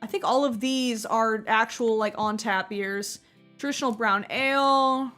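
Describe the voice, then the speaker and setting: A young woman gives casual commentary on a cozy game. She talks in a chatty, rambling way and leans on lots of fillers. Her voice is high-pitched, with quiet game music underneath. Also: steady tone, unhurried. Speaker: gaming YouTuber.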